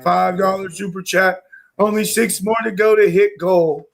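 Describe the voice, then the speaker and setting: A man hosting a live stream, brash and teasing, with crude jokes and shout-outs to viewers. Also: high voice, fairly even intonation, a little slow, gravelly, slight background noise. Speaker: streamer host. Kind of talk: casual live-stream banter.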